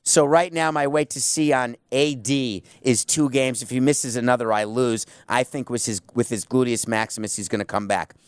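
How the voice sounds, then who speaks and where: A man's voice: mid-range voice, steady tone, normal speed, hardly any pauses, clear, resonant tone, no room sound. A man hosting a sports talk show, arguing his point with rhetorical questions and emphatic asides. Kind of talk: opinionated sports talk monologue.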